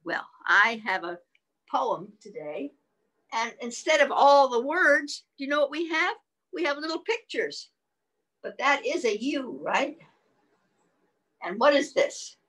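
A woman's voice: high-pitched, very animated, a little slow, long pauses, fairly bright tone. A woman reading a picture book aloud to toddlers, sing-song, stopping to ask them questions. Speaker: children's storyteller.

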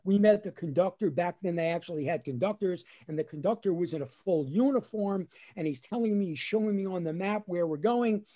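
A man, a lawyer and comedian, telling a comic childhood story in a lively, animated way on a video call. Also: high voice, a little fast, hardly any pauses, muffled recording. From New Jersey. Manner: animated storyteller acting out his dad's voice. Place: at home on a webinar.

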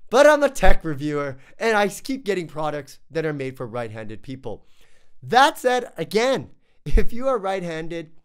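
A man's voice: on the high side, big pitch swings, measured pace, fairly bright tone, clean tone. A man reviewing tech gear in a casual vlog, ranting with exasperation and stumbling over restarts.

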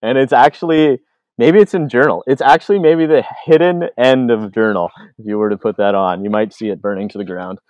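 A Canadian filmmaker telling stories in a casual interview, acting out other people's lines, with lots of fillers. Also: male voice, medium pitch, brisk, no room sound, muffled recording. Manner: animated, acts out quoted voices, many fillers. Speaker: filmmaker guest. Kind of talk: casual storytelling.

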